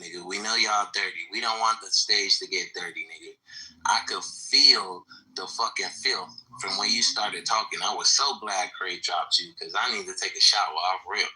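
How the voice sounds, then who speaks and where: A man's voice: lowish voice, sharp tone, rough recording. A man in an audio chat room, mocking and taunting with derision.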